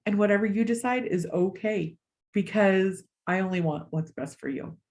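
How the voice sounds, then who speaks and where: A woman's voice: mid-range voice, moderate pace, a little mellow. A middle-aged woman life coach giving a motivational master class, emphatic and encouraging, with the odd casual swear word.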